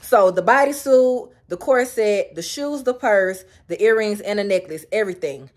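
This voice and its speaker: A woman vlogger chatting to camera at home, animated and talkative, calling her viewers y'all, girl and baby. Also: medium pitch, moderate pace. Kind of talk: casual get-ready-with-me chat to camera.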